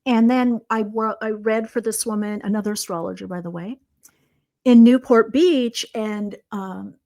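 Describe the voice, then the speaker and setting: A middle-aged woman tells stories from her life as a psychic guest on a conversational show. She switches into the voices of people she quotes and often breaks off and restarts her sentences. Her voice sits at an ordinary middle pitch. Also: moderate pace, creaky. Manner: animated, acts out quoted dialogue, frequent restarts. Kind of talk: casual storytelling. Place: video conversation.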